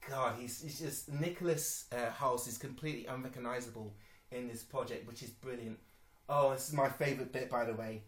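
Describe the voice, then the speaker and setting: A man giving a casual, rambling reaction to a movie trailer, swearing often, with lots of fillers and sudden bursts of excitement. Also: mid-range voice, brisk, a little hiss or hum. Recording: roomy echo.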